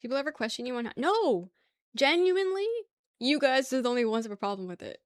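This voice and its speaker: A woman's voice: high-pitched, sing-song, fast talker, no room sound, studio quality. A woman chatting casually with her live-stream chat, laughing often and arguing playfully. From New York.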